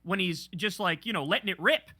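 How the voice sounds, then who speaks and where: A man's voice: high-pitched, fairly quick, bright, forceful tone, no echo, clean studio sound. A man giving blunt, profane commentary on a live stream, reacting to clips. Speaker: stream co-host. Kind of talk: casual commentary.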